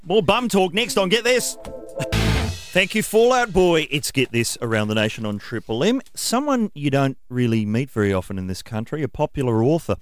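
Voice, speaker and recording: A man hosting a radio show, animated and jokey, in a studio. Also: fairly high pitch, normal speed, faint music behind. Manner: animated, jokey, talks over others. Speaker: radio host. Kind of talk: casual radio chat. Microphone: studio microphone.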